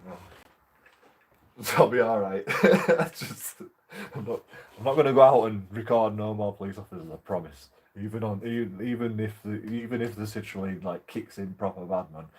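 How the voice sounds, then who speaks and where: A man's voice: fairly low pitch, moderate pace, a little mellow, breathy edge. A young man rambling casually to his camera, laughing through his words. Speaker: auditor vlogger.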